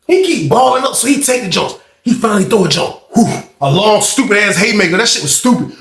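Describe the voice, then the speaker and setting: A man telling a story in a casual, profane, animated way, acting out what others said. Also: sits high, a little fast, echoey room. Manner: animated, profane, acts out quoted speech.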